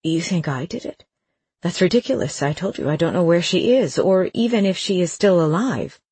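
A woman's voice: fairly low pitch, lively intonation, moderate pace, mellow, slightly rough, no room sound, voice pushed up. A narrator voicing a distressed, defensive woman who pleads with a shaky voice, in an audiobook. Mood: upset pleading. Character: distressed middle-aged woman protecting her niece. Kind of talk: audiobook character voice.

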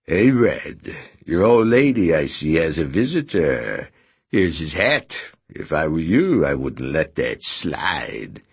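A jeering, nasal lout with a nasty streak, as a man puts him on for a spoken story. He needles and sneers, his voice sometimes coming from a bit farther off the mic, with a husky low edge. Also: very animated, takes it slowly, no echo, exaggerated voice.

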